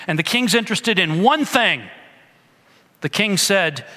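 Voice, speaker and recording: A man's voice: sits high, normal speed, bright, forceful tone, long reverb tail. A man preaching a sermon, reading scripture aloud and then explaining it in an earnest, conversational way. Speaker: pastor.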